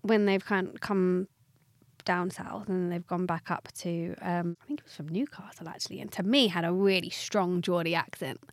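A young woman hosting a casual podcast chat, telling lively stories about auditions and acting out the voices of the people in them. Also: lowish voice, normal speed, no room sound. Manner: animated storyteller, acts out quoted voices. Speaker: podcast host, actor.

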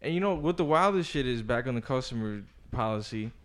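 Young guy jumping in with agreement and cussing, mid-pitched, plain voice. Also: lively intonation, brisk, fairly bright tone, smooth. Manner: chiming in, swears, agrees a lot. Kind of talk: casual chat.

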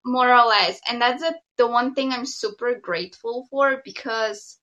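A woman co-hosting a podcast in casual chat, talking in a warm, chatty way with many fillers. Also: fairly high pitch, normal speed, poor audio. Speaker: podcast co-host.

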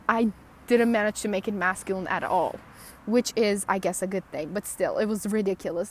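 A woman's voice: medium pitch, a little hiss or hum. Woman podcast host, walking outside and talking into a phone, chatty, sarcastic ramble, self-deprecating. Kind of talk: rambling personal podcast talk. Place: outdoors, walking at night.

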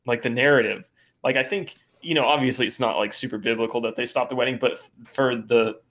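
A man's voice: mid-range voice, a little fast, a bit bright. Hesitant man thinking aloud. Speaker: podcast co-host. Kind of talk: casual chat discussing a film.

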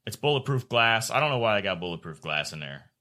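A man's voice: fairly low pitch, very animated, quick pace, sharp tone. Profane laughing storyteller man. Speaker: podcast co-host. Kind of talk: casual chat.

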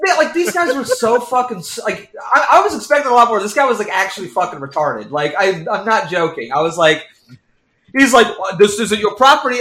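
A man tells a story in casual chat, swearing freely and acting out every quote. His voice sits high and bright. The recording is echoey, as if in a bare room. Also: brisk, a little hiss or hum. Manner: animated, profane, acts out quotes. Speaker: guest.

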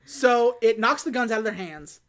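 A woman's voice: fairly high pitch, lively intonation, normal speed. Woman casually retelling a movie. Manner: retells scenes step by step, acting out characters' lines. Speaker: podcast co-host. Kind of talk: casual movie recap chat.

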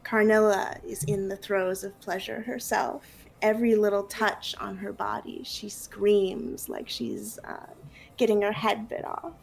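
A woman narrating as game master of a tabletop role-play, relaxed with fillers. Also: medium pitch, measured pace, gravelly.

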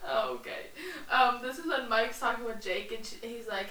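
A woman's voice: fairly high pitch, very animated, moderate pace, fairly bright tone. A young woman co-hosting a podcast in casual chat, rambling and swearing as she trails off into quoted lines. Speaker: podcast co-host. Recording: echoey room, mic a bit far off, faint noise.

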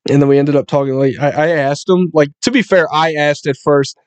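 A young man hosting a podcast, telling animated stories in casual chat, swearing often and acting out other people's voices. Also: fairly quick, no room sound. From Buffalo area, US. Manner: animated storyteller, swears often, acts out quoted voices in a high pitch. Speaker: podcast host.

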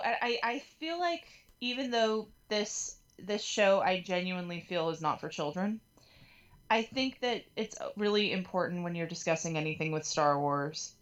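A woman's voice: on the low side, moderate pace, lo-fi sound. A woman hosting a podcast in casual chat, speaking in long digressive sentences with a wry edge. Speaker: podcast host.

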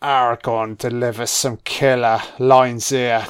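Laid-back sweary commentator. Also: male voice, mid-range voice, flat delivery, slow pace, clear, resonant tone. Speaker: film commentator. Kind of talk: casual audio commentary.

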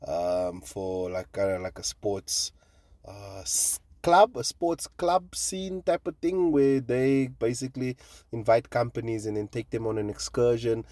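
A man's voice: medium pitch, measured pace, no echo. A man rambling on his own show, swearing and trailing off into fillers. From South Africa. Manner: profane, excitable, trails off with fillers. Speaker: comedian and podcast host. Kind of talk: casual rambling monologue.

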